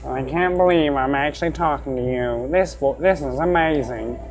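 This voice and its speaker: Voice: mid-range voice, moderate pace, a little mellow, faint music behind, natural voice. A player voicing a gushing, awkward young fan in a goofy put-on voice.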